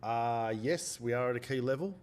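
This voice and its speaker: A man's voice: medium pitch, normal speed, a little mellow, a little hiss or hum. A man hosting a live trading stream, chatting casually, repeating phrases and answering viewers by name. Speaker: day trading livestream host.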